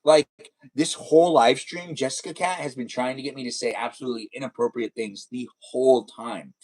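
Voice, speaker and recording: A man's voice: medium pitch, steady tone, a little fast, darkish tone. A man hosting a casual live stream, reading viewer comments in a playful, silly, teasing way.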